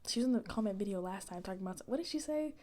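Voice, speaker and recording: A young woman, chatting casually in soft-spoken ASMR style, slipping into whispers as she rambles in slang. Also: medium pitch, expressive, very fast. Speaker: ASMR creator.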